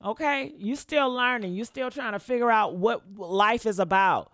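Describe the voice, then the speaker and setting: A woman's voice: on the high side, moderate pace, fairly bright tone, dry recording, clean studio sound. A woman commentator giving a blunt, profane, preachy rant in a casual style. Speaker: online commentator.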